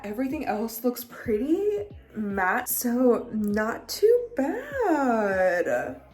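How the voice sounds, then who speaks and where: A woman's voice: fairly high pitch, darkish tone. Chatty woman vlogger in her thirties. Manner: chatty, bubbly, talks to viewers as "you guys". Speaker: beauty vlogger. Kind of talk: casual makeup review vlog.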